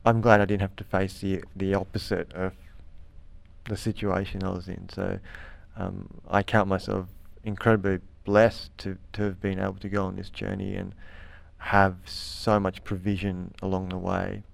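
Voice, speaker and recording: A man's voice: low voice, normal speed, vocal fry, no room sound. A young man with an Australian accent telling his story casually in an interview, rambling with many restarts. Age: young adult. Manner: rambling, many restarts, lively when quoting others. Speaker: interview guest.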